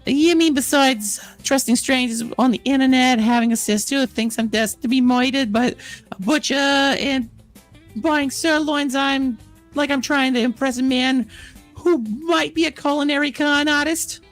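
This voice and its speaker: A woman's voice: high voice, steady tone, normal speed, soft background music. A woman guest on a podcast, reading a character's lines playfully. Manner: playful, laughing. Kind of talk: casual reading of a story character.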